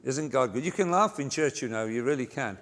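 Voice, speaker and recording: A man's voice: mid-range voice, lively intonation, a little fast, fairly bright tone. An older man, preaching a sermon to a congregation in a church, telling self-mocking funny stories. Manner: anecdotal, self-mocking, jokey delivery. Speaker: pastor. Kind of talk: humorous sermon storytelling. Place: large church before a congregation.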